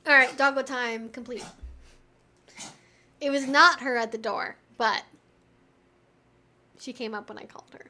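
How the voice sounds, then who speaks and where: High-voiced chatty woman streamer. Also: fairly even intonation, a little slow, pauses often, bright, forceful tone. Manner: chatty and candid, peppered with "like". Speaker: live-stream host answering viewer questions. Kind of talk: casual live-stream Q&A chat. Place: at home with her pets.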